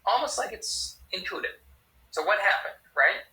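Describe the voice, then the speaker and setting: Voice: medium pitch, lively intonation, normal speed, bright, forceful tone, echoey room, low-quality recording. An interpreter voicing a sign language teacher's lesson, explaining step by step and often checking in with "right?". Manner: explanatory, frequent tag questions.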